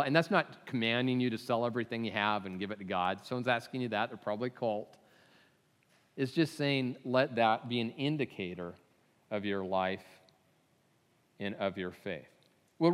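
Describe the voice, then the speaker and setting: A man's voice: medium pitch, long reverb tail. A man preaching a sermon in a casual, conversational way, with chuckling asides and lots of "uh" restarts. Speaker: pastor.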